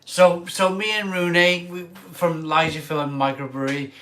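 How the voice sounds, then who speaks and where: A British man hosts a casual beer livestream, drinking on camera while he rambles emotionally to his viewers. His voice is a little high and level, pushed and bright, at a moderate pace.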